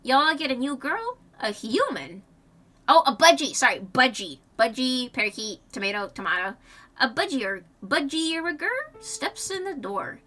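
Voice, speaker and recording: A woman's voice: high voice, big pitch swings, moderate pace, pushed and bright. A young woman in her twenties streaming, reading a visual novel aloud with chatty, rambling asides. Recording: distant mic, faint music behind.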